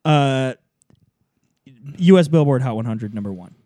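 A man co-hosting a casual show, chatting in a playful, animated way and laughing often. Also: medium pitch, measured pace, no room sound. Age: adult, married. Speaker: podcast co-host. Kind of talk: casual banter.

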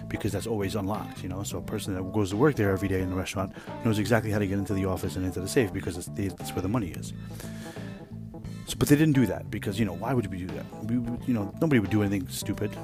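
A man hosting a podcast, telling a rambling, profane workplace story in a casual, animated way. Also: on the low side, very fast, music in the background. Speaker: podcast host.

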